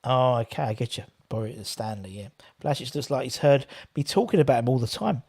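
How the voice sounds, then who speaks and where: A man's voice: medium pitch, fairly quick, a little mellow, breathy edge. A man hosting a live football watchalong, chatting with viewers and commenting on play in a rambling, casual way. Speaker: watchalong host.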